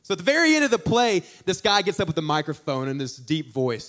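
A young man preaching a sermon, telling stories in an animated, joking way with asides to the congregation. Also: sits high, quick pace, few pauses. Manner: animated, jokey storytelling with audience asides. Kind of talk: storytelling sermon.

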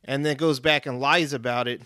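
A man co-hosting a casual chat about a movie, relaxed and agreeable, swearing casually. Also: mid-range voice, fairly quick, clear, resonant tone, no room sound. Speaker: podcast co-host.

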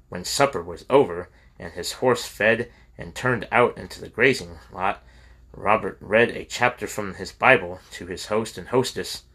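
Male audiobook narrator, steady reading; low-pitched with a bright edge. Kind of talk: scripted narration.

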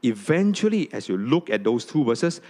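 Lively-pitched man preaching a sermon. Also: normal speed. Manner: animated preaching, rising high when quoting scripture; asks the congregation "okay?" and "right?". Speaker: pastor.

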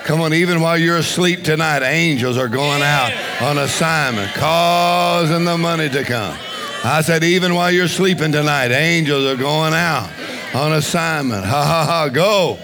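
A man preaching a charismatic sermon, shouting, laughing and leading the congregation in call-and-response. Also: fairly high pitch, moderate pace, over music. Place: church service. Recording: crowd and background noise.

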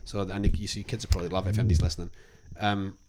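A man's voice: sits low, little pitch movement, racing, dark tone, a little hiss or hum. A man co-hosting a podcast in casual chat, rambling with restarts and laughing often. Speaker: podcast co-host.

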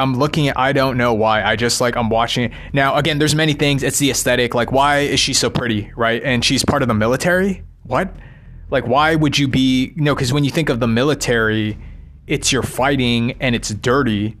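A man's voice: mid-range voice, fairly bright tone. A man in a rambling, casual monologue about movies, swearing freely and ending his thoughts with a questioning "right?". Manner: rambling, profane, constant "right?" tags.

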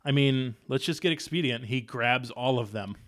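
A man's voice: mid-range voice, normal speed, a bit bright. A man co-hosting a casual book podcast, agreeing dryly and reading passages aloud. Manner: agreeable, dry, reads passages in first person. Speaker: podcast co-host.

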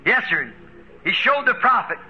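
An American man preaching a fervent sermon, chuckling between lines and rising to shouts. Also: high voice, big pitch swings, moderate pace, lo-fi sound, noisy background. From United States.

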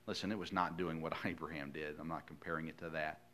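A male pastor preaching a sermon in a folksy, earnest storytelling way, swinging from hushed lines to loud emphasis. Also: rumbling low, steady tone, fast.

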